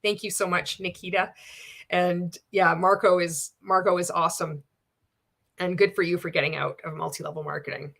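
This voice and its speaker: A woman's voice: lowish voice, moderate pace, vocal fry. A woman hosting a casual livestream, reading chat comments and giving blunt commentary that is full of swearing. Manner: candid and animated, laughs often. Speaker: livestream host.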